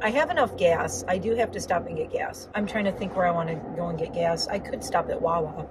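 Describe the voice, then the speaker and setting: A woman's voice: on the low side, brisk, noisy background. A woman chatting casually while driving, rambling with lots of asides and a slightly sore throat. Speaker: vlogger. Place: inside a car on the road.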